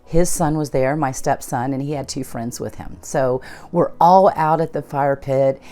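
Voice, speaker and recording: A woman who hosts a channel tells a personal story conversationally, recounting what happened and acting out what people said. Her voice is extremely low and mellow, and her pace is measured.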